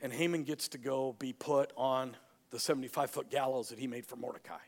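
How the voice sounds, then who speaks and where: A man preaching a sermon, an animated storyteller who acts out the characters. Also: medium pitch, a little fast, big-room sound. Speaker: pastor.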